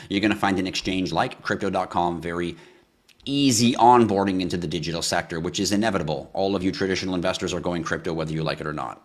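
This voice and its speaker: A man hosting a livestream, answering chat questions in a ranting style with swearing and sudden bursts of yelling. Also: deep voice.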